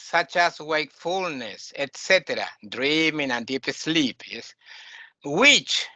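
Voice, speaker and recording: A man's voice: a little high, sharp tone, no room sound. A man teaching a spiritual lecture, explaining terms patiently and asking his listeners questions.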